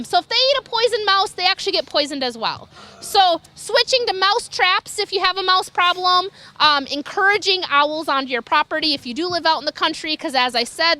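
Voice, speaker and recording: Speaking in a very high, sharp voice, this raptor educator delivers an eager wildlife talk to a public audience. She's a young woman who occasionally mimics the calls of animals.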